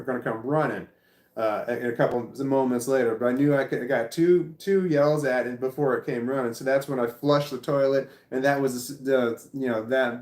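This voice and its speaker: A man telling a personal story in a rambling, unscripted way, often restarting sentences and swearing. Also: medium pitch. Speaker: vlogger. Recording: echoey room.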